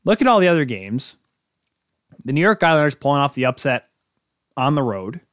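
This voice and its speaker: A man's voice: mid-range voice, very animated, fairly quick, fairly bright tone, no echo, clean studio sound. A man hosting a sports podcast, talking casually on his own in a rambling, joking way and correcting himself as he goes. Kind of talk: casual solo sports talk.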